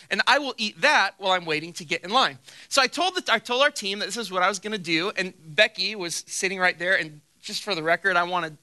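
This man's voice sits high with a bright, forceful tone as he preaches as pastor. A humorous, self-deprecating personal story full of acted quotes leads into scripture.

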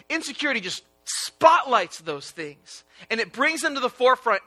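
A man's voice: high voice, bright, forceful tone. A young adult man preaching a sermon in a casual, conversational way. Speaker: pastor.

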